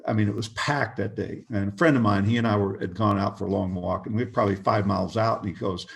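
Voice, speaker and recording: An older man, a guest on a video call interview, telling anecdotes with chuckles in an animated, storytelling way. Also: fairly low pitch, quick pace, vocal fry.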